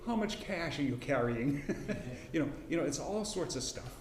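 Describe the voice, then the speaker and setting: A middle-aged man teaching a casual Bible class, folksy and rambling, with frequent restarts and throat clearing. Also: medium pitch, animated, moderate pace, reverberant, slight background noise. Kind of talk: casual Bible lesson with personal story. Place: church classroom.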